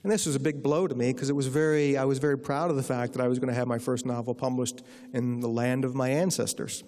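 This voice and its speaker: A man's voice: mid-range voice, level tone, fast talker, a little mellow. An American man giving a lecture as a guest author, telling humorous anecdotes in a wry, self-deprecating way. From United States. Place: lecture hall. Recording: reverberant lecture hall.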